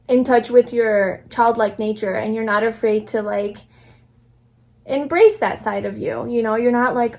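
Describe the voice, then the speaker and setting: A young woman giving a casual pick-a-card tarot reading, rambling and affirming, with many fillers and restarts. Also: a little high. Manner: soft, affirming, gentle delivery. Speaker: tarot reader.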